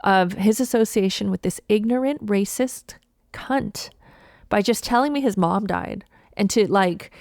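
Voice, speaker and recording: Woman, comedian podcast host, animated, indignant, swears, mid pitch, dry recording. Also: measured pace, no echo. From Toronto, Canada. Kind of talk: storytelling monologue.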